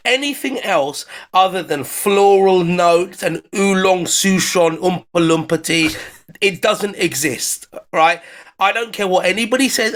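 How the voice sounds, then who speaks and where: A man with an English accent talks in a cheeky, rambling way, his voice sitting high for a man. He teases his co-host and drifts off on tangents in loose, casual chat. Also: unhurried, fairly bright tone. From England. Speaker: foreign correspondent.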